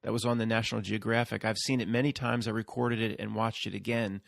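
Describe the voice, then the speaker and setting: A man's voice: fairly low pitch, flat delivery, fast talker, gravelly, no room sound, studio quality. A man hosting his own channel, talking casually in a rambling solo monologue full of restarts and fillers. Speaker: YouTube channel host.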